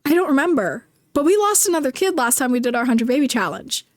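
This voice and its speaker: A woman's voice: sits high, sing-song, quick pace, no echo, clean studio sound. A young woman from New Jersey with a Jersey accent, chatting casually as a streamer, rambling, giggly and self-deprecating. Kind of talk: casual chat while gaming, reading chat.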